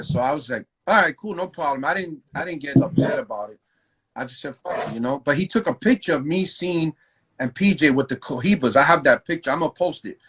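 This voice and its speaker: A graffiti writer telling stories in a loose, profane, slang-heavy way during a casual interview. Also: male voice, fairly high pitch, animated, a little fast, a bit bright, slight background noise, low-quality recording. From New York.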